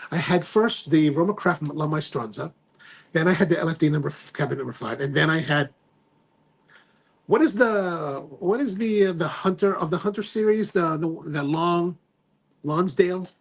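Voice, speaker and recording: A man's voice: on the high side, normal speed, vocal fry, slightly rough. A man hosting a live stream in casual chat, reading viewer comments aloud and rambling, often trailing off and restarting. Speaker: livestream host.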